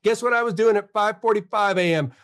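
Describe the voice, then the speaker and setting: This is a man in his fifties with a notably high-pitched voice, hosting a live webinar. He talks in an emphatic, repetitive way, hammering home his points like a coach pushing a team. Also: fairly quick, fairly bright tone. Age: 50s. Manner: emphatic, repetitive motivational urging. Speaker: marketing webinar host. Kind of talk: live webinar pep talk.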